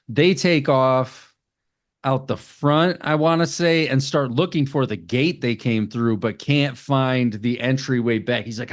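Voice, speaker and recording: Podcast co-host, casual recap, swears, quick silly voices for characters. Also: male voice, mid-range voice. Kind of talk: casual movie recap chat.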